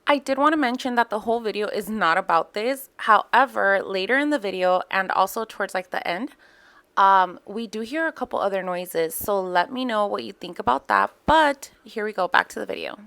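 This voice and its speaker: With a mid-range, gravelly voice and a fairly quick delivery, this podcast host in her thirties spins animated stories full of fillers, slipping in the occasional Spanish phrase. There's no room sound on the recording.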